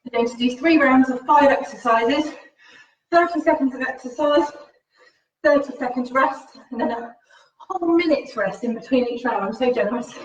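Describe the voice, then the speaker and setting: In a live-streamed workout class with a faith reflection, a woman leads the home session in an upbeat, encouraging way, slightly breathless from exercising as she speaks. Her high voice moves at a normal speed over roomy, distant, dull livestream audio.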